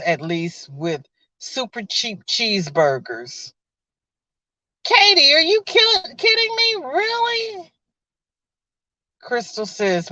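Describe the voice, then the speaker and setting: A woman's voice: on the low side, no room sound. A woman hosting a casual live stream from her car, chatting and laughing as she greets viewers by name and reads their comments. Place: inside a car. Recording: dull, lo-fi.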